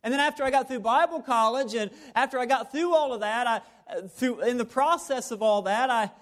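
A man's voice: very high-pitched, fairly quick. A pastor, a man, preaching a sermon to a live congregation in a playful, repetitive, conversational way. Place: church service before a live congregation.

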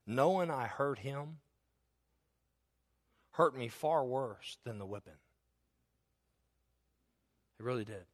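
A man's voice: mid-range voice, animated, slow pace, long pauses. A middle-aged male pastor, preaching a sermon with stories that build to an emphatic, rising delivery.

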